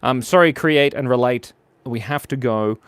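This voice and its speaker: A man's voice: mid-range voice, moderate pace, clear, resonant tone, no echo. A man hosting a live drawing stream, chatting playfully and reading out viewer comments as he draws. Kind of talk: casual live-stream chat while drawing.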